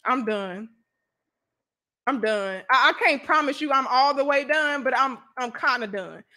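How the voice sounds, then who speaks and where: Woman host, St. Louis accent, high bright voice, animated and profane livestream talker. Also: a little slow. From St. Louis, USA. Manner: animated, profane, laughs often, riffs on viewer comments. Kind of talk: livestream commentary to viewers.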